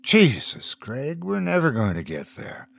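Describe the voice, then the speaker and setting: A man's voice: fairly high pitch, huge pitch swings, measured pace, gravelly, no room sound, pitched above the performer's own voice, heavily acted. A man voicing a snippy, impatient young woman who complains and snaps in a dry, close recording. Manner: sharp, complaining, dismissive.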